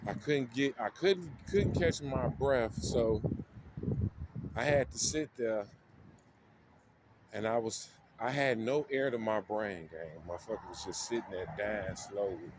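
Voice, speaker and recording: A man tells a personal story slowly and emotionally, teary-eyed, repeating phrases and using street slang while he walks outdoors. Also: fairly low pitch. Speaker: vlogger. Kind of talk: walking vlog, personal storytelling. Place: outdoors on a city street, walking. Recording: outdoor street noise, passing cars.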